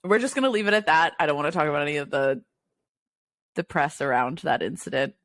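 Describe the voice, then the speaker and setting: A woman co-hosting a casual sports podcast, animated and often breaking into laughter. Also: deep voice, quick pace. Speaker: podcast co-host. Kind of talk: casual chat.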